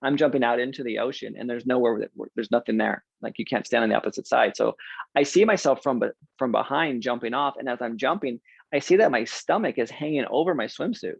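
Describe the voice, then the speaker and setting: Gravelly forty-something man telling his story. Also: mid-range voice, a little fast, no room sound, lo-fi sound. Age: 40s. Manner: candid, self-deprecating storytelling. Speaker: interview guest, realtor. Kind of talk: casual testimonial storytelling.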